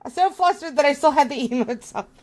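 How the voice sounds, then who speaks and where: Woman streamer, slightly high voice, gushing, flustered, casual live chat. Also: lively intonation, quick pace, darkish tone. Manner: effusive, flustered, gushing thanks. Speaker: streamer hosting a live roundtable.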